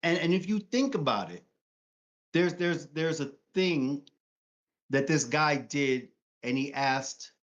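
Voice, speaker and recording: A man's voice: mid-range voice, a bit bright. Profane New man, lo-fi stream. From Brooklyn, New York. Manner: blunt and profane, acts out quoted voices. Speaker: live stream co-host. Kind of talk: casual political chat. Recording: dull lo-fi stream audio.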